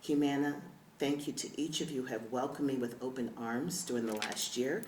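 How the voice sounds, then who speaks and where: A middle-aged woman giving a heartfelt acceptance speech at a podium, emotional and warm with laughing asides. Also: extremely low pitch, normal speed, background noise. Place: large event hall. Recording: echoey hall with faint ambience.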